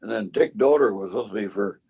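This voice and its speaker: A very old man reminisces about his band in a relaxed interview. His low voice is gravelly and husky. He rambles, stops and restarts his sentences as he tells his stories. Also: lo-fi sound. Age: 90s. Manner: rambling, halting storyteller with many restarts. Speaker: bandleader and cornet player.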